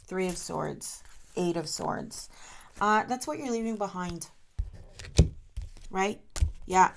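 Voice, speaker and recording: A woman's voice: mid-range voice, expressive, slow, gravelly, background noise. A woman doing a solo tarot reading, talking straight to her viewers in an emotional, encouraging way. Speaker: tarot reader.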